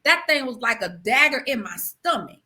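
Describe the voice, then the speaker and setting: A woman with a fairly high, bright voice shares her personal testimony on an interview show. She is animated and exclamatory and addresses her listener as "girl". She sinks to hushed tones at solemn moments, and her pitch rises and falls widely. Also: normal speed. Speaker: guest sharing her testimony. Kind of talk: emotional personal storytelling.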